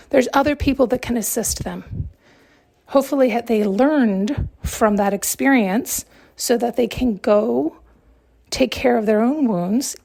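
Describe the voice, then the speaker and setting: A woman's voice: fairly high pitch, gravelly, darkish tone. A woman hosting a podcast, giving a reflective spiritual monologue, talking conversationally and driving her points home with rhetorical questions. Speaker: podcast host.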